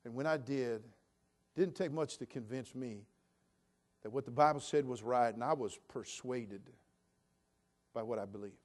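A man in his sixties from California preaching a sermon, swinging between loud, emphatic build-ups and soft, low asides. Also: a little slow, pauses often.

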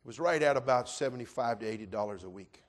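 A middle-aged male pastor preaches with a quick pace and an ordinary mid-range pitch. He starts by telling his story plainly, then builds to loud, emphatic preaching.

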